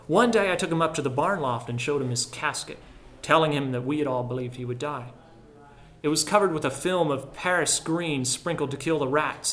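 A man narrating a literary story in a measured, reflective way. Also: fairly high pitch. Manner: measured and reflective, dropping softer at solemn lines. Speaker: audiobook narrator.

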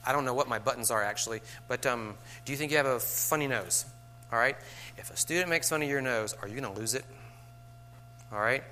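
Bright male workshop speaker, joking, casual, plays out student lines. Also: mid-range voice, brisk, a little hiss or hum. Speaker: teacher giving a workshop to teachers. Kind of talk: casual lecture.

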